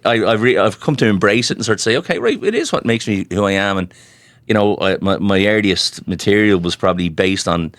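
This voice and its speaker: Deep fast-talking Irish man. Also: animated, fairly bright tone, dry recording. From Ireland. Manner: rambling anecdotes with many restarts and "you know". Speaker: guest comedian. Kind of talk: casual storytelling.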